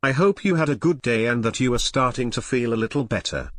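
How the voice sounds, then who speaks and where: A synthetic male text-to-speech voice reading viewer messages in an even, flat way. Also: medium pitch, brisk, no room sound, studio quality.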